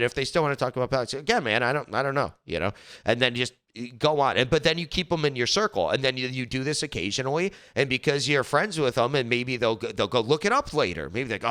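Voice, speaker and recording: A man's voice: medium pitch, lively intonation, fast, fairly bright tone. A man hosting casual political commentary, talking in a rambling, earnest way with frequent restarts and stumbles.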